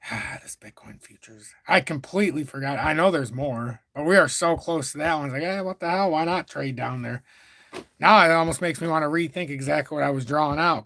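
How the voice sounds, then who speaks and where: A crypto livestream host rambles through charts in casual commentary, swearing freely, correcting himself, and drifting off topic. His voice sits a little high for a man, fairly bright with vocal fry, and is picked up close and dry with no room sound.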